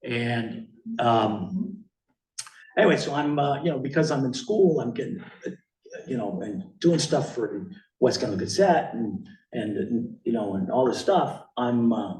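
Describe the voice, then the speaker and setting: Older guest speaker, rambling and chuckling, mid-pitched voice, far-off echoey hall sound. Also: male voice, expressive, a little slow, darkish tone. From Miami. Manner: rambling, many fillers, chuckling often. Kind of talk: casual talk presenting slides. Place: meeting hall with audience.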